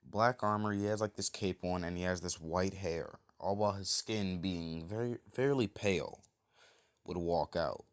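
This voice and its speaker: A man's voice: low voice, normal speed. A man narrating a fan-made what-if story in a casual, rambling way, full of fillers and the odd swear.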